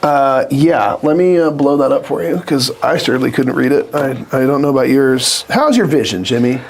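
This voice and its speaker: A man co-hosting a live board game stream in casual, self-deprecating chat, his voice hoarse after being ill. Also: mid-range voice, normal speed, slight background noise. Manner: chatty, self-deprecating, troubleshooting aloud.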